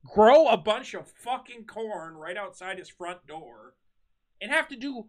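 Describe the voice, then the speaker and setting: A young man hosting a charity livestream, riffing in animated, profane comic chat. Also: high-pitched, a little slow. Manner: riffing, animated, swears a lot. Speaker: streamer hosting a charity stream. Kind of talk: casual comedic chat.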